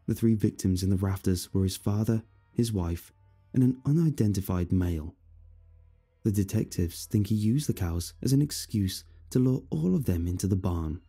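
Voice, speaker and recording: A man narrating a first-person horror story in a steady, somber manner. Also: fairly low pitch, moderate pace, husky, soft background music.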